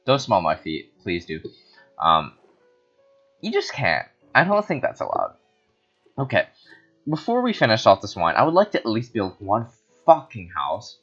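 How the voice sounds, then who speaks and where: Man, from the Philippines, tipsy, casual gaming commentary, jokey, erratic, wildly swinging pitch. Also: wildly swooping pitch, normal speed, long pauses, fairly bright tone, husky, faint music behind. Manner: erratic and jokey, with sudden screams. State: tipsy from wine. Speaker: gaming host. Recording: dull lo-fi recording.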